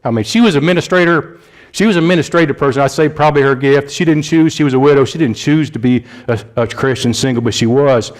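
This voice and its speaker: A man's voice: mid-range voice, quick pace. A man with an Indianapolis accent preaching a conversational sermon, with frequent restarts and asides. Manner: conversational, rambling, frequent restarts and "you know". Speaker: lay preacher.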